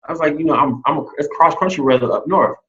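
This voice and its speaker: Man in a casual interview, recounting his hiring with lively quoted dialogue, muffled lo-fi sound. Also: on the high side, quick pace. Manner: animated, quotes others in lively re-enactments. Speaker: new teacher hire. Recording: dull lo-fi sound.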